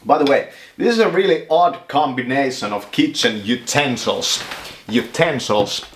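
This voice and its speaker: A man's voice: mid-range voice, sing-song, moderate pace, a bit bright, roomy sound. A man from Finland, rambling jokingly through a casual monologue in his home kitchen. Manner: joking, rambling, laughs often. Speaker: vlogger.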